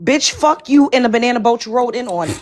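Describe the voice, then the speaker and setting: A woman's voice: on the high side, lively intonation, fast. A woman on a livestream panel, talking in a combative, profane, emphatic way. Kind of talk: heated livestream panel talk.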